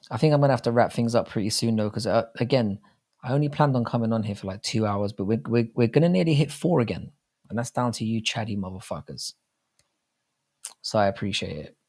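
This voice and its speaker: Here the young male host's voice sits lowish with a darkish tone. During his casual live chat he reads viewer comments out loud, overly crisp in his diction, trading crude, profane banter.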